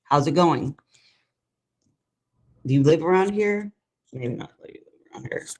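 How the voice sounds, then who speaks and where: Brief: female matchmaker co-host, low voice, practical advice, laughs easily. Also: animated, measured pace, darkish tone. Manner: laughing, mock-irritated, practical. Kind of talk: casual podcast chat.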